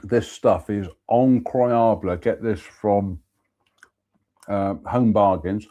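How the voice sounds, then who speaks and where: A man's voice: lowish voice, fairly even intonation, slow pace, warm tone. A man, chatting casually as host about a walk and a beer, then reading out a ghost story. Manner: chatty, exclamatory, reads labels aloud.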